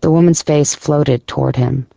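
Gravelly male audiobook narrator. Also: on the high side, steady tone, moderate pace, dark tone, no echo.

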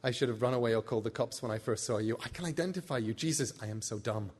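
A jittery, sharp-tongued young woman, read by a man who rambles and piles up emphatic lists. She talks in a quick spill of thoughts and swears when she's scared, in a plain storybook reading. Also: mid-range voice, natural voice. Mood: panicky.

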